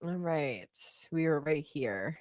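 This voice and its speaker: A woman's voice: low-pitched, lively intonation, takes it slowly, a little mellow, dry recording. Chatty woman hosting a livestream. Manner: chatty, frazzled, apologetic, swears freely. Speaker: livestream host. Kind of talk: casual live chat.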